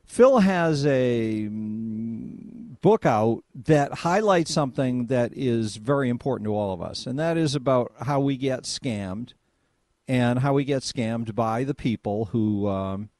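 A man's voice: medium pitch, animated, slow pace, a little mellow, dry recording, clean studio sound. A man hosting a talk radio show, interviewing a guest in a rambling way with many fillers and restarts.

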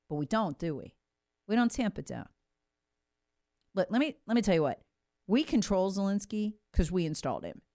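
A woman's voice: a little high, dry recording, studio quality. A woman delivering an emphatic, sarcastic political commentary monologue as host. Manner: emphatic, sarcastic, acts out quoted voices.

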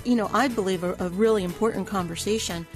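A woman's voice: mid-range voice, quick pace, faint music behind. A woman hosting a radio interview show, speaking in a polished, scripted way.

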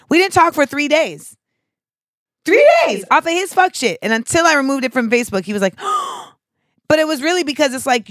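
A woman in her thirties hosting a casual comedic chat, animated and profane, slipping in and out of mocking voices. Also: mid-range voice, no room sound, studio quality.

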